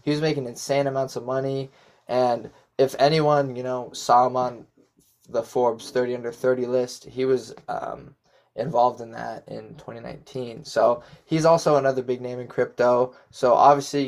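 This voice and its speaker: A man's voice: mid-range voice, flat delivery, moderate pace, vocal fry, darkish tone. A young man co-hosting a casual podcast chat, talking in loose rambling runs full of fillers. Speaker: podcast co-host.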